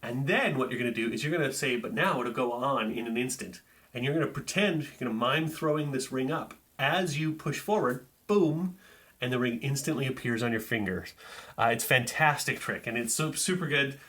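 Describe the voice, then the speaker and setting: A man's voice: mid-range voice, fairly quick, a bit bright. A man casually teaching a magic trick, chatty and loose, demonstrating as he talks. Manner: casual, chatty, filler-heavy, demonstrating with hands. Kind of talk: casual tutorial explanation.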